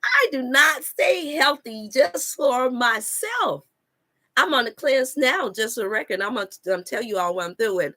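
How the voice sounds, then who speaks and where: A woman speaks to her online viewers in a fairly high, bright voice. She preaches with emphatic repetition and scripture references, addressing the audience as "you all.". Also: lively intonation, a little slow. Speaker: wellness coach and channel host. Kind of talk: live-stream preaching talk.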